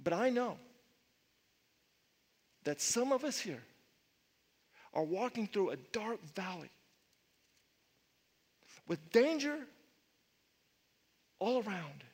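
A middle-aged male pastor preaching a sermon, telling stories with animated swings and sudden loud outbursts. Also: high voice. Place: church sanctuary with long reverb. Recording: reverberant church hall.

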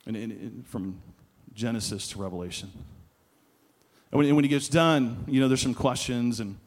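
Male pastor preaching a story-driven sermon. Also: mid-range voice. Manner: storytelling, emphatic with slowed key phrases.

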